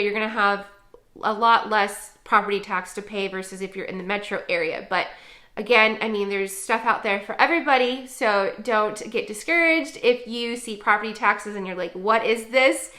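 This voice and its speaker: A chatty woman from Texas talks casually to the camera as a local realtor. Her voice is bright and sits a little high, and she leans on plenty of "um"s while laughing at her own slips. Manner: chatty, filler-heavy, laughs at herself.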